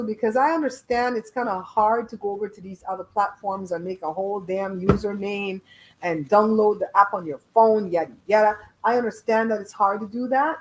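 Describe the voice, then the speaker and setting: A woman's voice: medium pitch, brisk, a little hiss or hum, low-quality recording. A middle-aged woman from Belize with a Belizean accent, hosting a casual live stream and talking straight to viewers in the chat. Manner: chatty, blunt, talks to viewers in chat.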